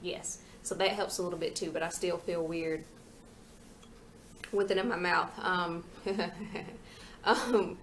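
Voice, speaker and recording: A young woman in a home vlog with a somewhat low voice, talking freely and venting with frank asides, her words a little mushy from a retainer. There is a faint hiss of background noise, as from a camera mic in a living room. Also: steady tone, takes it slowly, pauses often, a bit bright. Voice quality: slightly slurred speech from a retainer. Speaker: vlogger. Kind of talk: casual chat vlog.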